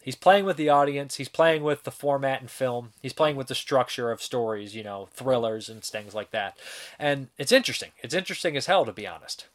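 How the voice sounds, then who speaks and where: A man talks through a film review in a loose, unscripted way, circling back on his points and stacking up fillers and restarts. His voice sits at an ordinary middle pitch. He breaks into laughter often as he gets excited. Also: fairly quick. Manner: rambling, enthusiastic, laughs often, many fillers. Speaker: film reviewer, show host. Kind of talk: casual spoken film review.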